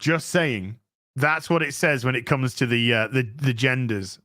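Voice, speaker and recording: A man hosting a livestream, reading out superchats in an animated, sweary way with quick asides. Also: medium pitch. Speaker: streamer host.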